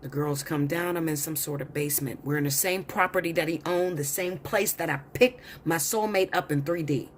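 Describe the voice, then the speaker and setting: A woman's voice: sits low, brisk, hardly any pauses, a little hiss or hum. A woman tarot reader telling a long story in a blunt, profane, insistent way. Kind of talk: storytelling monologue.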